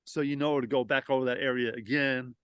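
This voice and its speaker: A man's voice: mid-range voice, fairly even intonation, fairly quick, a bit bright, smooth, no echo. A man who runs a lawn renovation business, talking loosely in a casual interview with frequent restarts, outdoors at his home.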